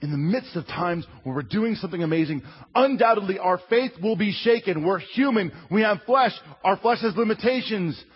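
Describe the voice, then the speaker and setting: A man preaching a sermon as a lively storyteller who acts out the quotes he tells. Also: high voice, normal speed, breathy edge. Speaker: preacher teaching a Bible lesson. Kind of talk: sermon, drawing while teaching. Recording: dull lo-fi sound.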